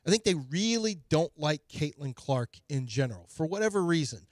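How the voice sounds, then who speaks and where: A man hosting a sports radio show in casual banter, opinionated and quick to mock with high voices. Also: lively intonation, no echo, clean studio sound. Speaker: radio sports talk host. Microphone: studio microphone.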